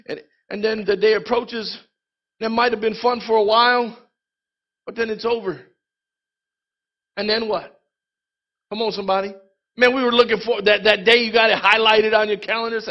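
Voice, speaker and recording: A man delivers a lively, conversational sermon and keeps calling out to his congregation. His voice sits high for a man. The recording is dull and lo-fi. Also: moderate pace. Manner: lively, conversational preaching with congregation call-outs. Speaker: pastor.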